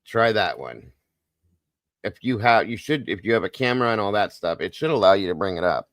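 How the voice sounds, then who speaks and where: A man hosting a live stream, talking softly and consolingly to viewers in the chat. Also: on the low side, animated, a little fast, no room sound, studio quality. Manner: soft, consoling, emotional. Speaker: livestream host.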